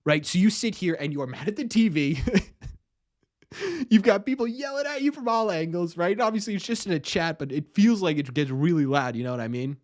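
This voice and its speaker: A man's voice: sits high, lively intonation, a little fast. A young man hosting a casual live stream, rambling, self-mocking and laughing often.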